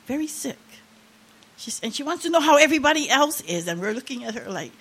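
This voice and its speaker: A woman's voice: high voice, big pitch swings, a little fast, a bit bright. An older woman preaching a sermon, sharing an emotional testimony with rising, impassioned emphasis.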